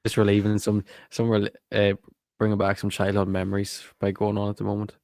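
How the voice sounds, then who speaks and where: A young man co-hosts a casual podcast in a measured, informative way. His voice is very deep and gravelly, with a flat, even delivery. The recording is close and dry. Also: no echo. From Ireland. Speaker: podcast co-host.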